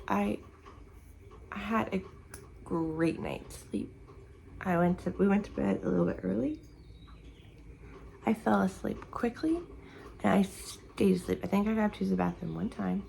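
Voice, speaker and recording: A woman's voice: medium pitch, gravelly, a little mellow, slight background noise, rough recording. A tired, sleepy woman chatting casually at home in the morning as a book vlogger, rambling and searching for words. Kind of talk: casual morning chat to camera.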